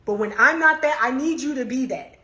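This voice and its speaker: A woman's voice: high voice, brisk, bright, forceful tone. Young woman host chatting candidly into her phone, laughing easily, in an echoey room. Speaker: livestream host. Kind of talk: casual chat, reading comments.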